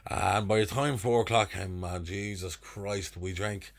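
A man's voice: lowish voice, steady tone, a little slow, gravelly. A young Irish man with a Dublin accent telling a drunken anecdote as a podcast guest, with crude slang and acted-out voices. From Ireland. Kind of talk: casual storytelling.

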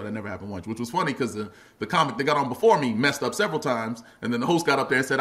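A middle-aged man and comedian, a guest on a podcast, telling stories in a loose, chatty way and breaking into laughs as he goes. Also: fast talker. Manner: animated, acts out quotes in a much higher voice, laughs often. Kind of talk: casual podcast interview storytelling.

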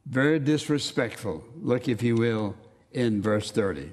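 A man preaching a sermon, emphatic, slowing down to read scripture quotes with weight. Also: mid-range voice, expressive, a little mellow. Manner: emphatic, quotes scripture in slow dramatic readings.

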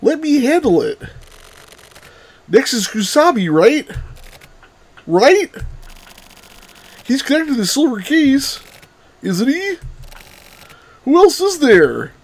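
A cocky young detective, put on by a man, pushes his boss with one question after another. The voice sits well above the performer's own and keeps climbing, loud and insistent. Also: very high voice, big pitch swings, slow, long pauses, voice pushed up, heavily acted. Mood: eager. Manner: pushy, keeps pressing questions. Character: eager brash young male detective. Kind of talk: reading game dialogue aloud.

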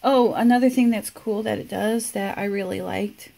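A woman's voice: medium pitch, steady tone, normal speed, creaky, mellow. A woman casually reviewing a smart speaker at home, chatty, laughing and talking back to the device. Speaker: product reviewer.

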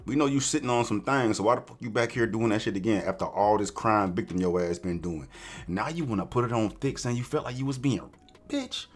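A man's voice: lowish voice, fairly quick. A man ranting in blunt, profane, slang-heavy reaction commentary as host.

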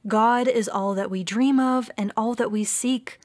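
A woman reading the part of a wise, ancient female turtle, speaking slowly and gently. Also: on the high side, natural voice. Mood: solemn. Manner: slow, gentle and measured.

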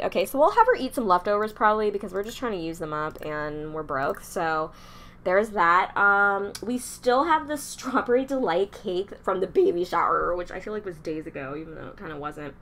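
A woman's voice: medium pitch, expressive, moderate pace, sharp tone. A young woman casually commenting while playing a life-simulation game, chatting along and scolding her characters in exasperation. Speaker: gameplay streamer.

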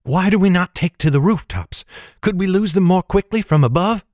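A man's voice: high voice, expressive, normal speed, a little mellow, no room sound, studio quality, pitched above the performer's own voice. Bold young heroine, commanding and urgent, lifted voice, storybook reading, a man putting it on. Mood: questioning. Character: bold young woman fighter, decisive leader.

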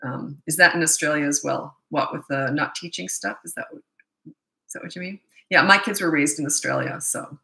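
A woman's voice: low-pitched, moderate pace, gravelly, bright, forceful tone. A woman in her sixties from North America, a parenting coach answering viewer questions on a live stream in a chatty, candid way with rambling asides. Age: 60s. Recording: echoey room.

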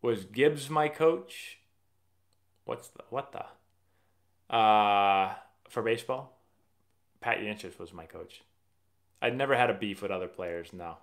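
A man from Massachusetts with a fairly low voice takes things slowly, leaving long pauses as he answers viewer questions on a casual live stream. He's a rambling, chatty storyteller who frequently restarts his sentences.

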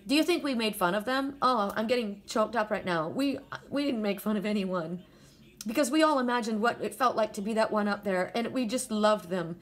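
A woman's voice: mid-range voice, brisk. A middle-aged woman leads a casual oracle card reading with a mid-range voice. She is chatty and laughs easily. She speaks straight to her viewers.

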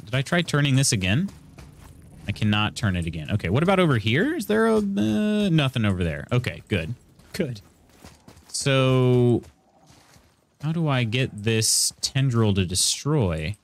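A man's voice: mid-range voice, very animated, measured pace. Chatty male streamer from Illinois. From central Illinois, USA. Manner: chatty, thinking aloud, greeting chat. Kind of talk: casual live gameplay commentary.

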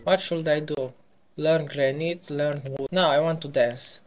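A man giving casual gameplay commentary as a YouTuber, playful and excitable, throwing in silly sound effects. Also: on the high side, measured pace, noisy background. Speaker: gaming YouTuber.

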